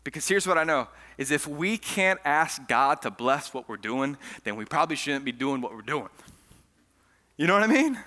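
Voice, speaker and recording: A man preaching a sermon as pastor, telling stories with lively swings between loud, eager stretches and hushed, quiet ones. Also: medium pitch, moderate pace, few pauses. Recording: long hall reverb.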